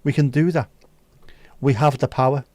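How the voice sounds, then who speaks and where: A man's voice: medium pitch, steady tone, moderate pace, mellow. A man hosting a casual livestream, bantering cheekily with viewers and swearing freely. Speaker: livestream host serving virtual drinks. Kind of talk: casual chat.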